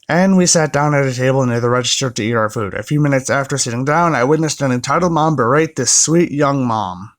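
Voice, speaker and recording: A man's voice: mid-range voice, a little fast, hardly any pauses. A man reading online stories aloud, breaking off now and then for wry, chatty comments. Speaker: story reader.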